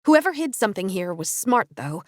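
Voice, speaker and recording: A woman narrator voicing a quick-witted young female adventurer in her own near-natural voice, quippy and casual. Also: mid-range voice, very animated, no echo, studio quality, close to an everyday voice. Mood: wry.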